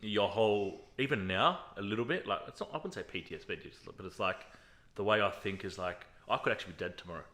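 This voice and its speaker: A man's voice: lowish voice, fairly bright tone. A young man, a podcast guest telling a personal story in casual, profane chat. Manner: swears freely, fast storytelling with acted quotes.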